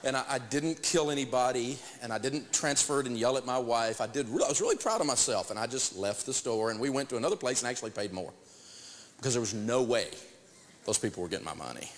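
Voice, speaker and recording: A middle-aged man teaching a lesson, telling a story in an animated, self-mocking way. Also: mid-range voice, quick pace, big-room sound, slight background noise. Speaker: financial teacher. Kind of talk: storytelling lesson to a live audience.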